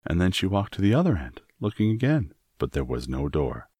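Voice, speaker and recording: A man narrating a storybook in a measured, expressive reading. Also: low-pitched, breathy edge, no echo, studio quality. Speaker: audiobook narrator.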